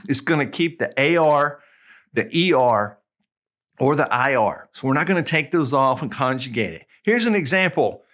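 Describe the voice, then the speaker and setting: A friendly, chatty Spanish tutor with a Southern US accent gives a casual video lesson. His pitch is mid-range for a man, his tone expressive and fairly bright, and he slows down to spell out each example.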